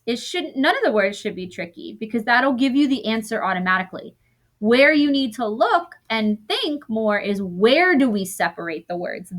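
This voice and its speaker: A woman teaching a recorded lesson to young students, sounding out word parts slowly and often correcting herself as she goes. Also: mid-range voice, fairly bright tone.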